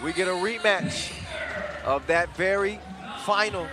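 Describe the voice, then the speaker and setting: A man's voice: sits high, measured pace. A male sports commentator recapping a dunk contest and previewing the final in a hyped, playful way with casual slang. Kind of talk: event commentary. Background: music.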